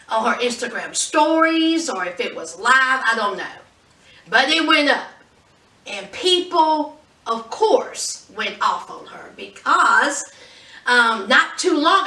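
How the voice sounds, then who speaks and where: A woman's voice: fairly high pitch, pushed and bright. A woman vlogger chatting casually about celebrity news in a sassy, gossipy way. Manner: chatty, sassy, says "honey". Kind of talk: casual pop-culture commentary. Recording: roomy echo, distant mic.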